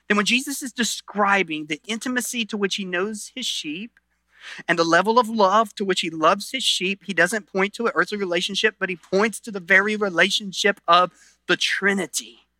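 A middle-aged pastor delivering a sermon with a bright, forceful voice. He swings from loud, emphatic lines to hushed, intense ones and often restarts his phrases. The recording is dry and close, with no room sound. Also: high-pitched, moderate pace, no echo. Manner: earnest, shifts between loud emphasis and quiet intensity, frequent restarts.

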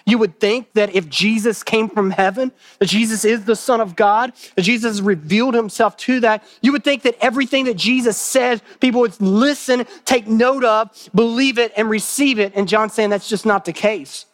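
A man with a high voice preaching a sermon in an earnest way. He repeats key phrases for emphasis and puts questions to his listeners. The sound is dry and close, with little room echo. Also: normal speed, few pauses. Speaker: pastor.

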